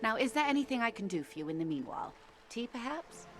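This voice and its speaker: An actress playing a composed, formal middle-aged negotiator in a video game, speaking with measured, precise diction. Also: female voice, fairly high pitch, sing-song, slight background noise.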